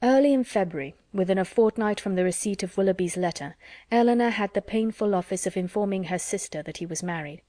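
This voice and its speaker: A woman narrating a classic novel as an audiobook in a measured, even reading. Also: mid-range voice, no echo, clean studio sound.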